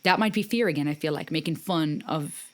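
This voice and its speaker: A woman's voice: sits low, brisk. A woman hosting a music reaction video, talking casually and earnestly, with encouraging, faith-based remarks to her viewers.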